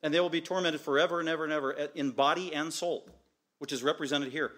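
A man's voice: fairly high pitch, steady tone, fast, fairly bright tone. A man preaching a sermon as pastor, driving home his points with repeated short, emphatic declarations.

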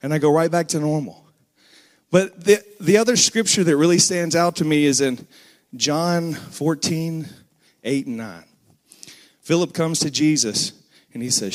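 Man, 30s, preacher, sermon, earnest, emphatic, fairly high-pitched voice. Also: moderate pace. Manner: storytelling, earnest, rising to emphatic bursts.

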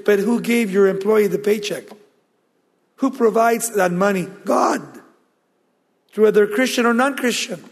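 Male pastor, sermon delivery, emphatic call-and-answer, high voice, long reverb. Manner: emphatic preaching, rhetorical questions answered aloud.

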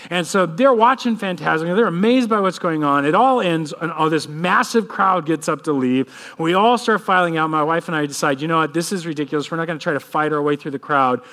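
A man in his thirties, a pastor, praying and then preaching with a lively personal story. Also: on the high side, brisk, hardly any pauses. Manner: animated storytelling, acts out kids' voices. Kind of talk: sermon with prayer and personal story.

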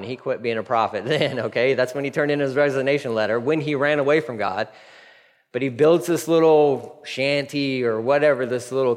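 A man preaching a sermon in a church, animated and humorous, with emphatic repetition. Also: a little high. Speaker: pastor. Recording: long hall reverb.

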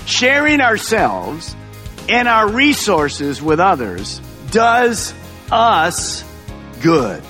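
A man pastor preaching a sermon in an animated, emphatic way. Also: sits high, extremely slow, faint music behind.

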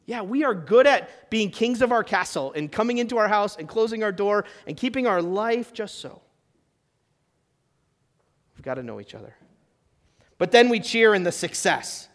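A pastor preaching to his church in a conversational way, asking the room questions and swinging between loud emphasis and quiet, hushed lines. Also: high-pitched, very animated, normal speed, pauses often. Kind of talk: sermon.

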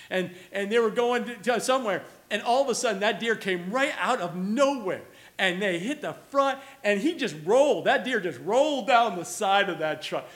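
A pastor preaching a sermon, telling stories in an animated way and chuckling now and then. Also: male voice, high voice.

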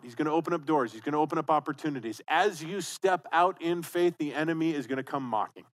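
A man's voice: fairly high pitch, fast talker, hardly any pauses. A man preaching a sermon as pastor, conversational and emphatic, repeating phrases for stress.

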